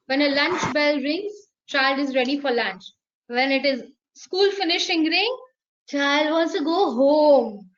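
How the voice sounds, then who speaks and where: Woman, high voice, lively online lecturer, slightly muffled recording. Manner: lively, playful, acts out sounds and voices. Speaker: teacher trainer.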